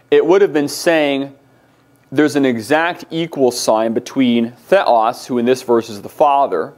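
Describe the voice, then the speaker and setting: Halting male Greek lecturer. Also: medium pitch, darkish tone. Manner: halting, many ums and restarts, slows for key terms. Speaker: Greek teacher. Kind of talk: recorded classroom lecture. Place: classroom.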